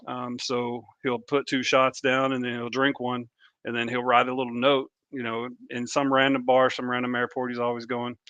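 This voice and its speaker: A middle-aged man, a veteran co-hosting a podcast, speaking earnestly and haltingly, with frequent restarts. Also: mid-range voice, completely flat delivery, pushed and bright, clean tone, no room sound, dull audio. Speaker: podcast co-host, army veteran. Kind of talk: candid podcast talk. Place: remote podcast call.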